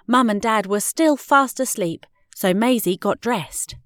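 A woman reading children's stories aloud in an expressive, measured way. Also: a little high, no echo, studio quality. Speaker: storyteller. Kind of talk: storybook reading.

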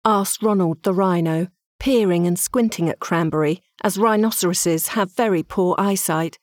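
A woman calmly reading a children's story aloud. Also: lowish voice, normal speed, no echo, studio quality.

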